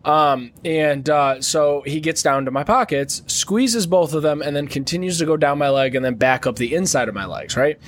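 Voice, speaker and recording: A man's voice: fairly high pitch, normal speed, few pauses, fairly bright tone. A man co-hosting a podcast, telling a crude, rambling travel story with lots of fillers and jokes. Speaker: podcast co-host. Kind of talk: casual storytelling.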